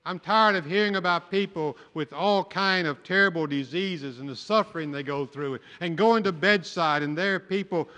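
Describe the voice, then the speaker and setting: A man's voice: high voice, moderate pace, few pauses, sharp tone. An older man, a pastor, preaching a sermon with folksy storytelling and humor. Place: church sanctuary. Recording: long church hall reverb.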